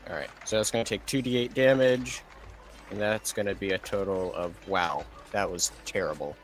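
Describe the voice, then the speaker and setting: A man playing in a tabletop game, halting as he works out the rules aloud. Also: fairly low pitch, fairly even intonation, faint music behind. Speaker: player. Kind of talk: casual chat at a game table.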